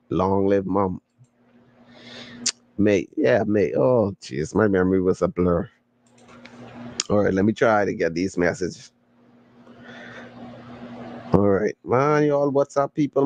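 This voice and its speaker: A man hosting a podcast, casually chatting and reading viewer comments in a playful, slangy, excitable way. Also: fairly low pitch, slow, pauses often, slight background noise. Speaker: podcast host.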